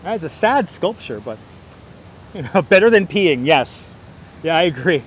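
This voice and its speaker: His voice is a touch high, swinging widely in pitch at a measured pace, with a little hiss or hum present. Out on a city park path, the host livestreams on foot, joking, thanking viewers by name and bursting into playful song, recorded through a clip-on wireless mic while his phone rides a gimbal.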